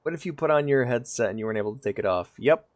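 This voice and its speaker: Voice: medium pitch, lively intonation, very fast. A VTuber streamer giving casual live gameplay commentary, playful and giggly, swearing casually and meowing now and then.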